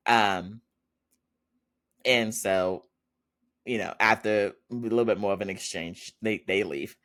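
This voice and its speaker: A man gives a casual spoken episode recap with a fairly low voice. He is chatty, fills gaps with "um" and "like", and laughs often along the way. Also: takes it slowly, fairly bright tone. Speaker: podcast host.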